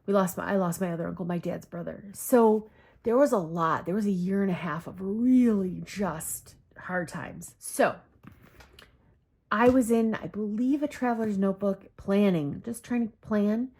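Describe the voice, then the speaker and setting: In a mid-range, darkish, slightly rough voice at normal speed, a Michigan woman talks casually in a vlog about her journals. She's close to tears, rambling, correcting herself, and filling gaps with lots of fillers.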